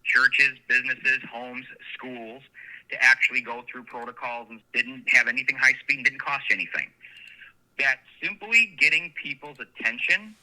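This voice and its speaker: A man talks through one long anecdote after another as an interview guest. His voice is very bright and forceful, and he tells his stories with earnest energy. The sound is thin and phone-like. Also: mid-range voice, normal speed. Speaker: sheriff candidate, guest. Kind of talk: casual interview storytelling. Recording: phone line.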